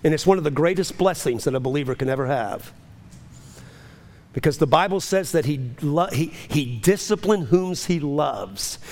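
Male pastor, fairly high gravelly voice, impassioned repetitive sermon delivery. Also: animated, normal speed, darkish tone. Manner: impassioned preaching with swelling pitch and repetition.

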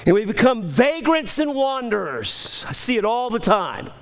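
A man preaching a sermon, swinging between urgent, rising pleas and low, quiet passages. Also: big pitch swings, moderate pace. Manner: impassioned, rising to urgent high pleas then dropping low. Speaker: pastor.

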